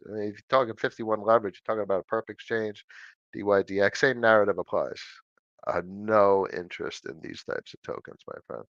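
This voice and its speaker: A man's voice: mid-range voice, no echo, lo-fi sound. A middle-aged man hosting a casual livestream Q&A at his home desk, chatty and answering viewers' questions. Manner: animated, chatty, answers questions by reading them aloud.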